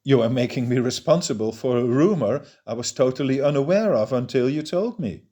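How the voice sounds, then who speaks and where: A man reading the lines of a bold, chatty young Irish newcomer in a first-person story, eager and quick to explain. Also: medium pitch, lively intonation, mellow, close to an everyday voice. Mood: flustered.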